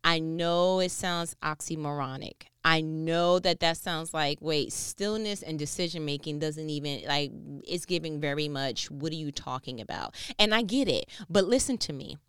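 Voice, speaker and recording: A woman delivers an inspirational faith talk in a smooth, fairly low voice. She preaches with animated energy, racing through some phrases and then slowing almost to a hush for emphasis. The sound is close and dry. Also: dry recording. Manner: animated preaching, swings between rapid bursts and slow, hushed emphasis. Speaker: faith speaker.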